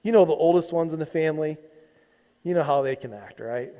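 A man's voice: fairly high pitch, a little fast, dark tone, big-room sound. A male pastor giving a conversational sermon, teasing his congregation as he reads and retells a scripture story. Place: church sanctuary.

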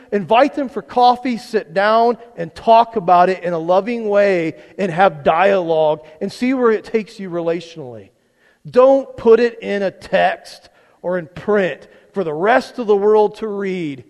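A man's voice: sits high, animated, measured pace, a little mellow. A male pastor preaching a conversational sermon to his church, often asking the congregation questions and repeating words as he goes. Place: church sanctuary. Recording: long hall reverb.

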